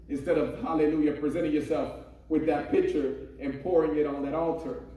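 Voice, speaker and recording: A man preaching with rising fervor, punctuating every thought with praise God and hallelujah. His voice sits high for a man and rings through a very echoey room, picked up from some distance off the mic. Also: fairly even intonation, normal speed, mellow. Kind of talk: sermon.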